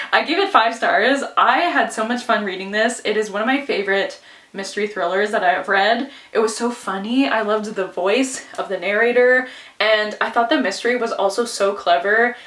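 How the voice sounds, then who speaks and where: A woman's voice: medium pitch, moderate pace, a bit bright, roomy sound, recorded from a distance. A woman book vlogger talking casually and chattily, giggling often and filling her talk with "like" and "anyways", a little out of breath. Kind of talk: casual reading vlog.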